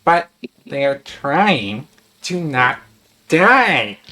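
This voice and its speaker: A man voicing a blunt, puzzled male adventurer in a tabletop role-playing game, delivered deadpan. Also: fairly high pitch, very slow, full character voice. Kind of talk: in-character tabletop role-play.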